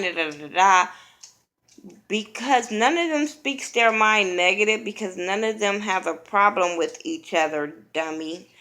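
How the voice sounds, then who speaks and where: A woman's voice: mid-range voice, bright, forceful tone. A woman giving a blunt, profane, opinionated casual recap of a reality TV episode.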